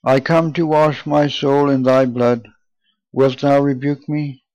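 A man's voice: medium pitch, level tone, slow pace, darkish tone, dry recording, close to an everyday voice. A man voicing a trembling, devout young woman pleading at confession, in his own everyday voice on a dull lo-fi recording. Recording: dull lo-fi, dry.

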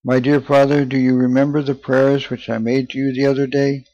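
A man's voice: mid-range voice, little pitch movement, fairly quick, darkish tone, no echo, natural voice. A man voicing a trembling, devout young woman pleading at confession, in his own everyday voice on a dull lo-fi recording. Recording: dull lo-fi, dry.

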